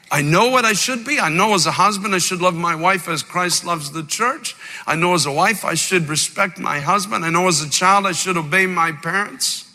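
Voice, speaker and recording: A man preaching a sermon, impassioned, slowing and rising as he quotes scripture. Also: sits high, bright, forceful tone. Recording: long hall reverb.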